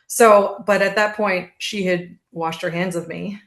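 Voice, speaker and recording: A woman as a podcast guest, telling her birth story in a candid, steady way and acting out what others said. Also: lowish voice, measured pace, reverberant. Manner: candid, steady narration with reenacted quotes. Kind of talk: conversational storytelling.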